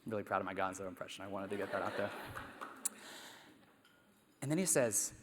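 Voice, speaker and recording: A man's voice: deep voice, brisk, long pauses, fairly bright tone, a little hiss or hum. A man, a math teacher, giving a conversational conference talk full of rhetorical questions and self-deprecating asides. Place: conference hall. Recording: echoey hall.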